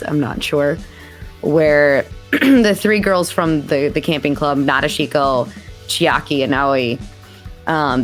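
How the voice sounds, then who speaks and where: A young adult woman, a voice actress, chatting in an interview and acting out quoted lines with big jumps in pitch. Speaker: voice actress guest. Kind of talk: casual interview chat. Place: remote video call.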